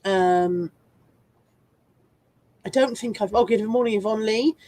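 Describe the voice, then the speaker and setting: Congested with a cold and coughing, a woman hosts a casual live stream, chatting, rambling, and poking fun at herself as she greets viewers by name. Her voice is mid-range, slow, and mellow.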